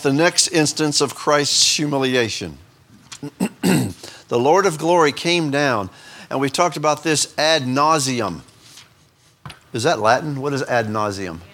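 A man's voice: mid-range voice, a bit bright. A middle-aged man preaching a sermon, rambling through self-deprecating asides between scripture readings. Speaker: pastor.

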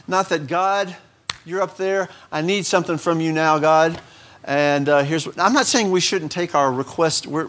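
Preacher, man, folksy and joking, slightly high voice. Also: fairly bright tone. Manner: folksy and joking, asks the congregation questions. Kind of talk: sermon.

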